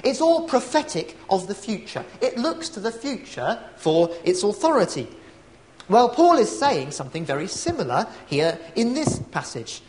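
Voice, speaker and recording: A man's voice: high voice, big pitch swings, moderate pace, darkish tone. A man preaching an evening sermon, reflective and asking rhetorical tag questions.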